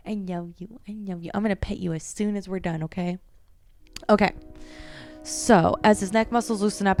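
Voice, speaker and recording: A woman's voice: mid-range voice, creaky. Chatty woman podcast host. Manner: chatty, animated asides and commentary. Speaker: podcast host and massage therapist. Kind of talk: casual podcast, reading and reacting to posts.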